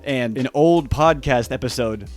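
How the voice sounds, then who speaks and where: A man's voice: medium pitch, measured pace, faint music behind. A man from North Carolina, a stand-up comedian hosting a casual comedy vlog from a room at home, joking with sarcastic asides. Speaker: stand-up comedian and YouTube host.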